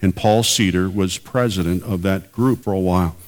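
A low-voiced man preaching from the pulpit. He speaks earnestly, and his delivery rises to emphatic peaks as he drives a point home. It is the steady voice of a pastor who also preaches on the radio. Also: normal speed. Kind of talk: sermon.

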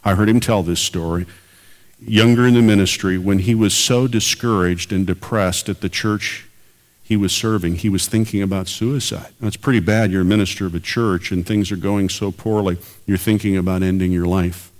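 A low-voiced man preaching from the pulpit. He speaks earnestly, and his delivery rises to emphatic peaks as he drives a point home. It is the steady voice of a pastor who also preaches on the radio. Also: normal speed. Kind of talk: sermon.

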